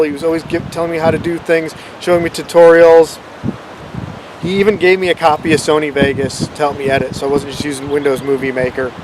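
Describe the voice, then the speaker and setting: Guy just rambling on his channel, kinda higher voice, bit of wind and street noise behind. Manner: rambling, self-deprecating, conversational. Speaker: channel host. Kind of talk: casual unscripted vlog rambling.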